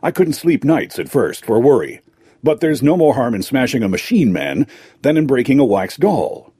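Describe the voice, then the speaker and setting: A man's voice: medium pitch, very animated, moderate pace, husky, no room sound, clean studio sound. A man voicing a hot-tempered, greedy gnome king who blusters and frets, in a storybook reading. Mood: meek. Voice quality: blustering, shouting then meek. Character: furious, greedy, cowardly male gnome king.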